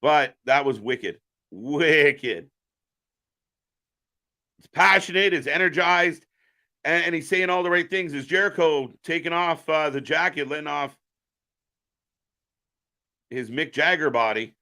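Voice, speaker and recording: A man's voice: fairly high pitch, moderate pace, pauses often, bright, forceful tone. A man hosting a live reaction stream, giving opinionated, profane commentary.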